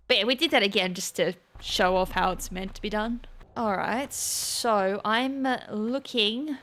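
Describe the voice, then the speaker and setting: In a mid-range, slightly bright voice, a gaming channel host gives casual let's-play commentary. She chats as she plays, reasons out loud, teases herself over her errors, and lets out sudden exclamations.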